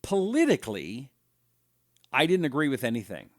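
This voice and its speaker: A middle-aged man hosting a talk show, reading viewer comments aloud in a casual, animated, mocking way. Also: mid-range voice, normal speed, dry recording, studio quality. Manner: animated, mocking, mimics voices.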